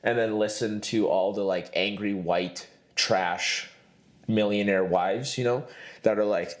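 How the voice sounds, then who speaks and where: A man's voice: lowish voice, a little slow. A man hosting a podcast in a rambling comedic monologue, joking and laughing at himself. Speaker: podcast host.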